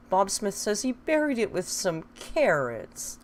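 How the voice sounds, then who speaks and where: A woman's voice: medium pitch, sing-song, unhurried, slight background noise. A woman chatting casually on a live stream, reading viewer comments aloud and laughing often.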